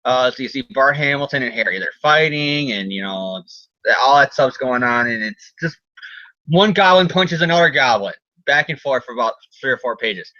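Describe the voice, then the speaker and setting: A man's voice: medium pitch, expressive, moderate pace, sharp tone, dry recording, lo-fi sound. A man co-hosting a casual comic book talk show, rambling and laughing often as he acts out characters. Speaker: podcast co-host.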